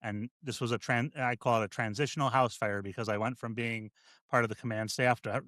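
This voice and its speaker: A man who is a deputy fire chief, a guest on a podcast, speaking in a halting, reflective way with many restarts. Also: mid-range voice, fairly even intonation, fairly bright tone, dry recording, clean studio sound. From United States. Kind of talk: casual podcast conversation.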